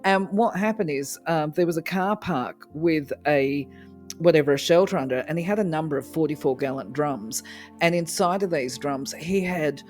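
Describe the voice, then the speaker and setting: A woman hosting a crystal channel, telling a rambling story in a lively, casual way and acting out the dialogue. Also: sits low. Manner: animated, rambling, acts out quoted dialogue.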